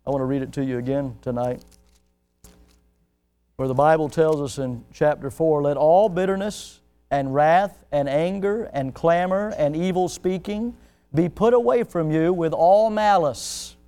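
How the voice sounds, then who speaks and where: High-voiced preaching pastor. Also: male voice, a little slow, warm tone, smooth. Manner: preaching with sudden swells in pitch and volume, acting out quoted people. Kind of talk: sermon.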